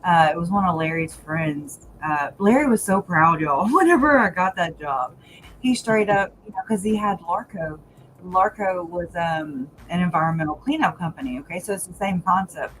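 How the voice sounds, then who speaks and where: A woman's voice: on the low side, moderate pace, a bit bright, slight background noise, poor audio. Laughing woman chatting on a livestream. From Louisiana. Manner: laughs often, says "y'all". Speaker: livestream host. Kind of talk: casual chat.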